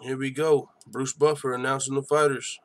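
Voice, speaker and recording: A man's voice: medium pitch, flat delivery, moderate pace, a bit bright. A young man hosting a live fight-night stream, giving hyped, slangy reaction commentary and chatting with viewers.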